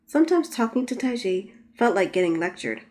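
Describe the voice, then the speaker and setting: A woman's voice: sing-song, brisk, darkish tone. A woman, the author, reading her novel aloud as an audiobook, lifting her voice for the characters' lines. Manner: reads dialogue with raised pitch and force. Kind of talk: audiobook narration.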